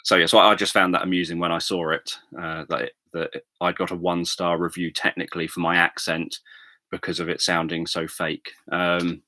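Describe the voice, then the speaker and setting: A man chatting casually on a livestream, rambling with many pauses and self-corrections. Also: low voice, little pitch movement, sharp tone, dry recording. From England. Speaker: livestream host. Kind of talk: casual chat with viewers.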